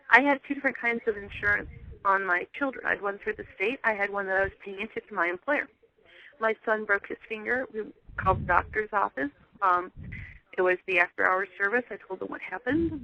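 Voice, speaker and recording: A woman co-hosting a radio show, telling an indignant account of a billing dispute in casual chat. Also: medium pitch. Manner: indignant, telling a grievance step by step. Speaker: co-host. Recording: dull lo-fi line.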